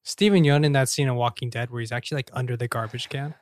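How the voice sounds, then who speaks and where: A man's voice: mid-range voice, fairly even intonation, quick pace, dry recording, clean studio sound. Wry laid-back man in casual chat. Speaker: podcast co-host.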